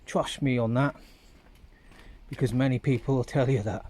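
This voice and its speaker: A man's voice: mid-range voice, normal speed, a little mellow. A man rambling through a casual walking vlog outdoors on town streets, chatting like a storyteller into a handheld phone. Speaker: vlogger.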